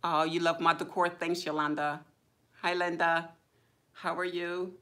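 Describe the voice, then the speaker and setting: Chatty woman greeting her live viewers. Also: a little slow. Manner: chatty, greets viewers by name with excited high exclamations; relaxed, drawling, informal speech. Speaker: YouTube livestream host.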